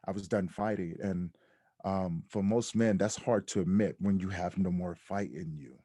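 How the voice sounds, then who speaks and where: Male podcast guest, low and mellow, reflective storyteller, dry close sound. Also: normal speed, no echo. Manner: reflective, animated when quoting others. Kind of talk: candid storytelling interview.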